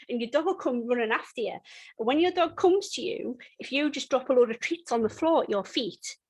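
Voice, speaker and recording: A woman's voice: sits high, a little fast, husky, rough recording. Chatty woman teaching dog training. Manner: chatty and conversational, frequent restarts, lively when acting out games. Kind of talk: webinar teaching.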